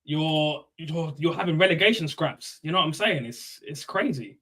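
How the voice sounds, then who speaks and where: A young man hosting a casual fan live stream, reading chat and giving shout-outs in loose slang. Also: fairly high pitch, expressive, fairly quick, hardly any pauses.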